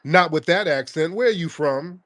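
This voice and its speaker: A man's voice: fairly high pitch, normal speed, fairly bright tone, no echo. A man hosting a call-in podcast, arguing with a caller in a combative, mocking way and repeating his questions. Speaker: podcast host taking calls. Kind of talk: heated call-in argument.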